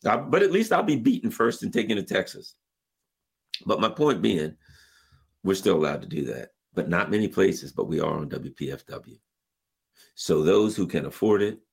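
A male radio talk show host with a gravelly, husky voice pitched on the low side. He rants with passion and sarcasm, and his tone swings up and down a lot as he pushes political commentary and an on-air fundraising appeal. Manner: impassioned, sarcastic ranting.

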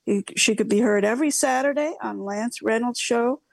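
An older woman hosting a radio talk show, speaking haltingly with a gravelly voice and many fillers. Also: fairly high pitch, no echo. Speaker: radio host.

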